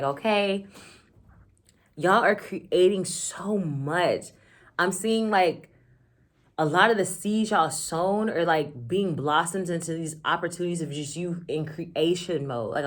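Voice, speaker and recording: A woman giving a casual tarot reading to camera, excited and chatty, full of slang and "like". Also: fairly low pitch. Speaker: tarot reader.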